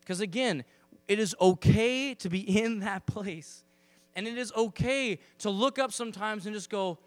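Male pastor, sermon delivery. Voice sits high for a man, lively and conversational, with dry close-miked sound and a low mains hum behind. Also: no room sound. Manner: animated, conversational preaching with acted-out asides.

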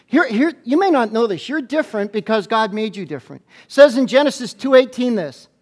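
The sermon comes from a male pastor whose voice is very high, addressing a church congregation. Playful and animated, he repeatedly stumbles and restarts fast.

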